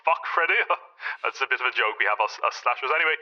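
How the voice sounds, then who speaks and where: A man's voice: mid-range voice, quick pace, bright, forceful tone. A man putting on a polite, chirpy slasher villain with a British accent, thanking people for an award. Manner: chirpy, polite, rambling over a bad connection. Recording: muffled lo-fi line.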